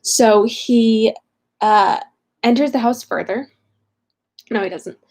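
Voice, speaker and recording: A woman's voice: on the high side, takes it slowly, darkish tone. A young woman at home, casually recapping a novel chapter and reading it aloud, chatty and scatterbrained with lots of fillers. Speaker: reader of a novel. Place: home room.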